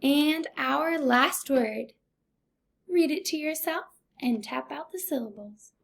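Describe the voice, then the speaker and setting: A woman teaching a recorded first grade phonics lesson, speaking slowly and deliberately in an encouraging teacher's way. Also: sits high, gravelly, slight background noise.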